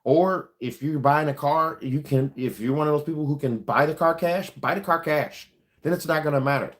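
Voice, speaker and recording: A man's voice: on the high side, normal speed. Rambling car salesman on a livestream. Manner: rambling, many ums and uhs; frank, advice-giving. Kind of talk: casual livestream chat answering viewer questions.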